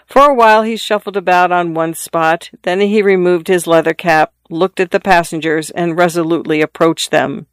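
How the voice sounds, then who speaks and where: A narrator reading a classic story aloud in a measured, descriptive way. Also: medium pitch, fairly even intonation, fairly bright tone, smooth, no echo. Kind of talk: scripted audiobook narration.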